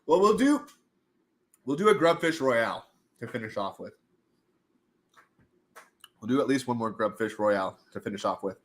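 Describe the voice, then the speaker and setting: A man hosting a casual livestream at home, running prize wheel spins in a goofy, animated way and slipping into silly voices. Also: mid-range voice, moderate pace, pauses often. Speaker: livestream host running giveaways.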